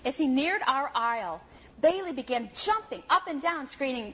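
A woman preaching a sermon and reading a story aloud with expressive, lively storytelling. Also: high-pitched, normal speed, a little hiss or hum. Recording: slightly dull audio with faint ambience.

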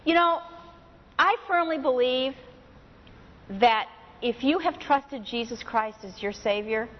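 A woman with a fairly high voice gives a talk in a conversational, storytelling manner, slipping in casual fillers as she goes. Her voice rings out with a long reverb, as in a large hall. The recording sounds dull and lo-fi. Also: takes it slowly. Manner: conversational storyteller, uses "you know". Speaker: session speaker. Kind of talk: spoken talk with anecdote.

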